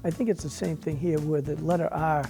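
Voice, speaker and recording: A man's voice: fairly high pitch, fairly even intonation, a little fast, vocal fry, mellow, faint music behind. A man with a Merrimack Valley accent chatting casually in an interview.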